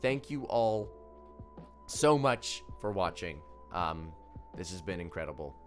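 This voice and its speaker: A man's voice: sits low, expressive, measured pace. A young man acting as game master, thanking his players and viewers in a rambling, upbeat way with faint music behind him. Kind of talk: closing thanks on a live stream.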